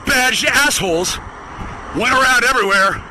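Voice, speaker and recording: A man delivering an angry, profanity-laden rant while walking outdoors, often breaking into shouts. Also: very high voice, moderate pace, background noise. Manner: shouting, furious, swearing constantly. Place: outdoors, walking to get the mail.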